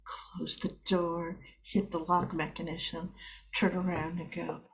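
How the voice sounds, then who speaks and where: A woman player describing her character's actions in a relaxed, halting way. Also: fairly low pitch, rough recording.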